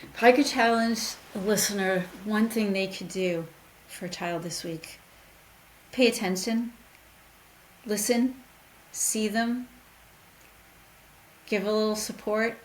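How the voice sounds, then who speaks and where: A middle-aged woman talks as an interview guest, gently encouraging listeners and pausing on fillers. Her pitch is ordinary for a woman. Faint room ambience sits behind her. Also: a little hiss or hum, poor audio. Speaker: nonprofit CEO guest. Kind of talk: interview conversation.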